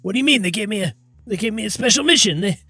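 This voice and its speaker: Nervous male gang flunky, played by a man, stammering and defensive, a notch high. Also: lively intonation, racing, sharp tone, no echo, studio quality, exaggerated voice. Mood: indignant. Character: nervous male street-level gang underling.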